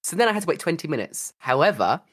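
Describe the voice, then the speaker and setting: A young man hosting a casual podcast, telling his stories dramatically, with swearing and lively asides. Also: fairly high pitch, fast talker. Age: young adult. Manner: animated, swearing, dramatic storytelling. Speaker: podcast host. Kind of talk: casual chat.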